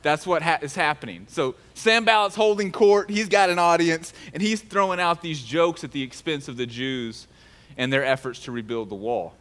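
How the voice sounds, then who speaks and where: A man's voice: on the high side, normal speed, a bit bright, big-room sound. A male pastor preaching a sermon in a casual, joking way.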